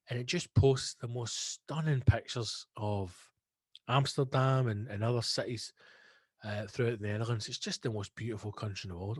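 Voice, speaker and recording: A Scottish man hosting a casual solo podcast, ranting with lots of swearing in an excitable monologue. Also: mid-range voice, no room sound, studio quality. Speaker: podcast host. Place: home recording space.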